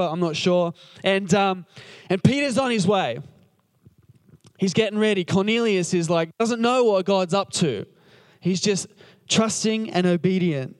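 A man preaching casually, retelling a Bible story in a chatty, joking way and acting out the characters' lines. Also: high-pitched. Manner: conversational, jokey, acts out the characters' lines. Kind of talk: casual sermon retelling scripture.

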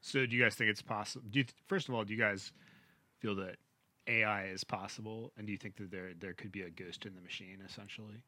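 A man's voice: lowish voice, steady tone, fast talker, bright, forceful tone, no echo. A middle-aged man co-hosting a book podcast, wry and self-deprecating in casual talk. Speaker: podcast co-host. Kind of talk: casual book-club chat.

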